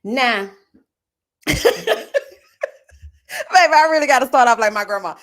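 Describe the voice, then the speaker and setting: A woman giving sassy, animated live-stream commentary on a reality show. She keeps calling her viewers honey and child. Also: fairly high pitch, unhurried. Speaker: YouTube reality-show reviewer.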